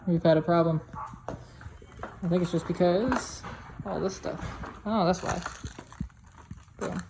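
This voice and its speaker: A woman's voice: on the low side, a little slow. A woman giving casual unboxing commentary at home, chatty and slangy, talking to a robot vacuum as if it were a person. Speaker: product reviewer. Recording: noisy home recording.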